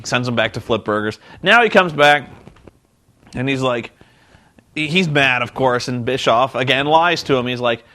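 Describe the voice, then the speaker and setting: A man's voice: mid-range voice, moderate pace, bright, forceful tone. A man giving a sarcastic, comedic recap of a wrestling show, often acting out the people in it with silly voices. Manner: sarcastic, mocking, acts out quotes in silly voices. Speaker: reviewer.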